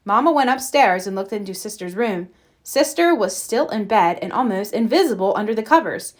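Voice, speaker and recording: A woman reading a children's picture book aloud, gentle and expressive. Her voice sits at a middle pitch, and her storytelling is steady and clear. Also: normal speed. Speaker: storybook reader. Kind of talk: children's read-aloud narration.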